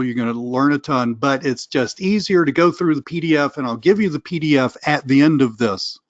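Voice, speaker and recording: A man's voice: mid-range voice, dry recording, highs cut off. A middle-aged man with a Southern US accent, talking casually and rambling as a coach on a webinar. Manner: chatty, rambling, self-deprecating, occasional cursing. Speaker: online business coach.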